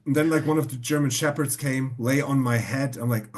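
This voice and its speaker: A man's voice: medium pitch, fairly even intonation, fairly quick. A man hosting a podcast, telling rambling anecdotes in casual chat. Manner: rambling anecdotes full of fillers. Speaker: podcast host.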